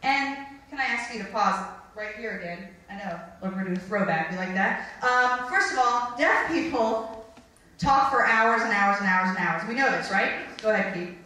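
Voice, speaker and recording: A woman telling a comic story on stage, chatty and self-mocking, breaking into squeaky voices to quote people. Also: normal speed, bright, forceful tone. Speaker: comedian. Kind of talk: stand-up storytelling. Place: stage before a live audience. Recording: distant mic in an echoey hall with faint noise.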